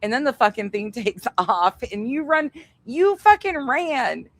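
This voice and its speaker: Woman, livestream co-host, laughing, swearing, excitable, outdoors. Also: fairly high pitch, a little slow, no room sound. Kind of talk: casual livestream chat. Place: outdoors at home.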